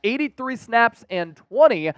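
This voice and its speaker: A man with a fairly high voice runs an energetic sports analysis show, talking fast and casual with plenty of slang. His voice is recorded close and dry, with no room echo. He pushes hard and keeps the energy up throughout.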